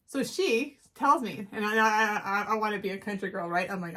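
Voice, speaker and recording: A middle-aged woman from Wyoming co-hosting a casual chat show, telling a story in a relaxed, hesitant way with deadpan quotes. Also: medium pitch, fast. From Wyoming, USA. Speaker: co-host.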